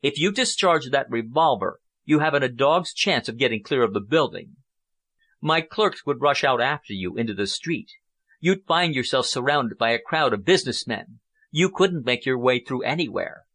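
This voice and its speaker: A man reading an audiobook, voicing a calm, self-assured male businessman who speaks quietly and with command. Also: mid-range voice.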